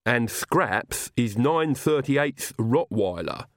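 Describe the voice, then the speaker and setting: A man voicing a devoted old male castle servant who speaks slowly and deliberately. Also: mid-range voice, expressive, dry recording, studio quality. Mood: plain. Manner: slow, deliberate, matter-of-fact.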